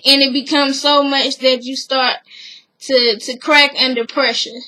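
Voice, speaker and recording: A woman's voice: high-pitched, little pitch movement, unhurried, pushed and bright, low-quality recording. A woman vlogger giving a chatty, opinionated, gossipy recap of a TV show, full of fillers.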